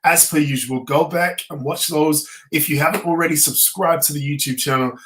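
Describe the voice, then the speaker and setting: A tired man teaching a live online trading lesson. He explains things in a relaxed way, with many fillers and restarts. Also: fairly high pitch, a little fast, rough recording. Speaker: trading course instructor.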